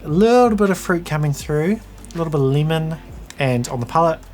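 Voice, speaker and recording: A man's voice: a little high, expressive, fairly quick, a little mellow, soft background music. A man giving a casual whisky tasting review, chatting and thinking aloud as he tastes.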